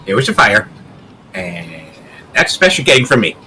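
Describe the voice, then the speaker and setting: A man playing a tabletop game, talking in an animated, joking way. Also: mid-range voice, moderate pace, gravelly, a little hiss or hum. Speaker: player.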